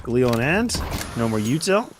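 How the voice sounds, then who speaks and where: A man's voice: mid-range voice, sing-song, background noise. A man giving analytical color commentary on a competitive shooter match, with lots of fillers and restarts. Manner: quick, analytical, many fillers.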